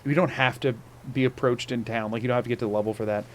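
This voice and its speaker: A man's voice: mid-range voice, fairly even intonation, very fast. A man streaming a game, chatting casually to viewers in a playful, rambling way full of repetitive wordplay. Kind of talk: casual live-stream chat.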